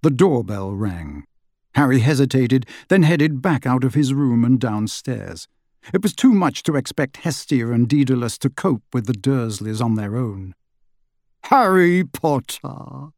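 Guy narrating an audiobook, lively up-and-down delivery, dry close sound. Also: mid-range voice, normal speed, no echo. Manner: expressive storytelling. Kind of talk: scripted narration.

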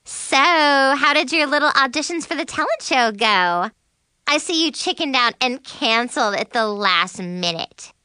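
A woman's voice: medium pitch, fairly even intonation, slow pace, bright, forceful tone, clear, resonant tone, no echo. A woman voicing a snobby, mean teenage girl who talks in a taunting, fake-sweet way. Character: snobby mean teen girl, mocking queen bee.

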